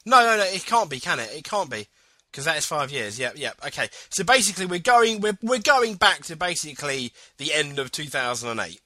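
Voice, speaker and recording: A man co-hosting a podcast in casual chat, animated, laughing often and repeating himself as he thinks aloud. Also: a little high, brisk, no echo. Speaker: podcast co-host.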